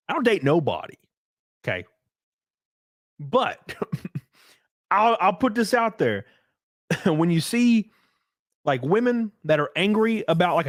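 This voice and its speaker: Rambling man with a lively voice. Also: high voice, dry recording, studio quality. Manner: rambling, crude, laughs often, reads out chat. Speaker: livestream host. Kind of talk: casual solo stream chat.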